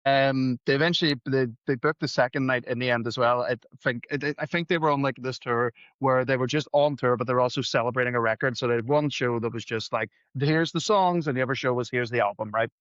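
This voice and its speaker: A man's voice: medium pitch, quick pace, hardly any pauses, fairly bright tone, no room sound. Man, podcast guest, casual rambling storytelling, self-deprecating, dry dull recording. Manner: rambling, self-deprecating, acts out quoted dialogue. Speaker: podcast guest, musician and gig promoter.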